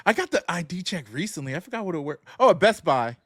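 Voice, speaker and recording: A man's voice: sits high, fast talker, no room sound. Easygoing podcast guy, dry close mic. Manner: laughs often, relaxed storytelling. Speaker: podcast co-host. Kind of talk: casual chat.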